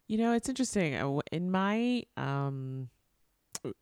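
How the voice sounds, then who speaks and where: A man who hosts a podcast and talks in a halting, casual way. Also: on the high side, big pitch swings, darkish tone, clean tone, no room sound, studio quality. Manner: halting, restarts mid-thought. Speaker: podcast host. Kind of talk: casual conversation.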